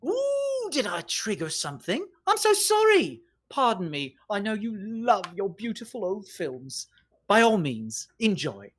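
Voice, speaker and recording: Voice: medium pitch, very animated, measured pace. A game master voicing Trilby, a bitter, sarcastic woman miner who talks in a patronizing, theatrical way. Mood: mocking.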